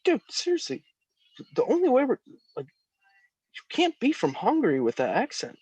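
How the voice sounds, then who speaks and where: A man's voice: extremely high pitch, huge pitch swings, normal speed, darkish tone, husky, dry recording. A young man co-hosting a podcast over a video call, exasperated and laughing as he calls out his friend. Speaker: podcast co-host. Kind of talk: casual joking chat.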